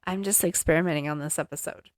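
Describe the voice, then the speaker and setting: Speaking quickly in a deep voice, a young woman hosts a home recipe podcast, reading the ingredients and method in a chatty, apologetic manner. She fidgets self-consciously with the handheld mic, moving it around.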